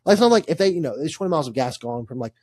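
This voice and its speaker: Young guy, co-host, slightly high voice, dry close sound, chatty storyteller. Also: expressive, very fast, a little mellow, no echo. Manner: rambling storyteller with laughs and fillers. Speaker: podcast co-host. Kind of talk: casual sports podcast chat.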